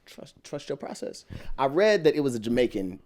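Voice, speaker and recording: A man's voice: mid-range voice, fairly quick. A man being interviewed as a guest actor, chatting casually and telling stories with frequent laughter, in a hotel room. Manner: animated storyteller who laughs often. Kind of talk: casual chat.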